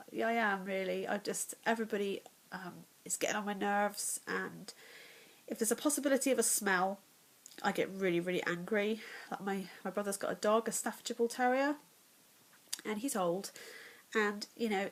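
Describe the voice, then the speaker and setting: A woman's voice: mid-range voice, rough recording. A woman in her thirties chatting to her phone camera at home, rambling with lots of fillers and restarts. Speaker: vlogger. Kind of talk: casual chat to camera. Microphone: phone or tablet camera.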